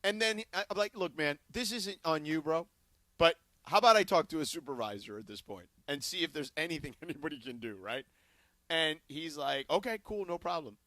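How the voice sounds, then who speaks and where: A man on a radio studio mic tells a story with animated flair, playing out both sides of a conversation. His voice sits fairly high and sounds bright and forceful. The sound is close and dry. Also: fairly quick, no echo. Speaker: radio sports talk co-host. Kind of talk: casual radio talk storytelling. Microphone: studio broadcast mic.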